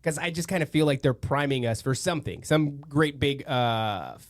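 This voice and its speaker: Slangy, animated man hosting a podcast. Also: mid-range voice, normal speed. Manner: animated, slangy, mock-quotes others. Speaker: podcast host. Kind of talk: casual conversation.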